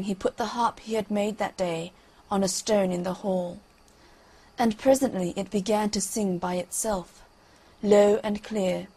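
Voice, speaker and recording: Woman narrator, fairy tale reading, husky breathy voice, expressive, measured. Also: medium pitch, low-quality recording. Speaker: storyteller.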